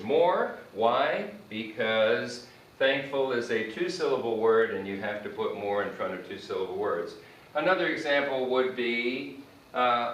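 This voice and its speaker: Slow echoey male English teacher. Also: mid-range voice, a bit bright. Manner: slow, spells words out letter by letter; repeats example sentences while writing on a board. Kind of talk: grammar lesson. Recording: echoey room, mic far off, faint background noise.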